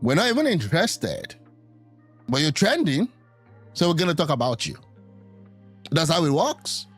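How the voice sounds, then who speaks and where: A male host reacts to a clip with teasing disbelief, laughing easily. His voice sits a little high and swings widely in pitch. Faint music runs behind him. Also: very animated, moderate pace, fairly bright tone. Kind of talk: commentary on a clip.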